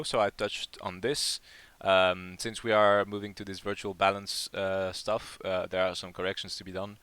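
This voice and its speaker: A man's voice: lowish voice, fairly even intonation, normal speed, hardly any pauses, bright, forceful tone, smooth, no echo. A man hosting a live community Q&A, chatting casually and rambling with lots of fillers and restarts. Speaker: project lead hosting a community AMA.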